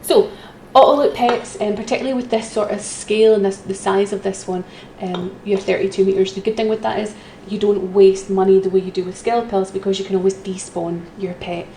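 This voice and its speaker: A woman's voice: medium pitch, fairly even intonation, fairly quick, hardly any pauses, warm tone. Chatty woman auctioneer, roomy sound. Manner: chatty, giggly, with frequent ums. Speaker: auction host. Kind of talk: live-streamed auctioneering. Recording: roomy echo with faint noise.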